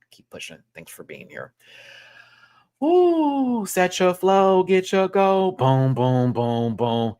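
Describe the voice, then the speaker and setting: A man hosting a live reaction review, talking in an animated way and repeating words for emphasis. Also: fairly low pitch. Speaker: host.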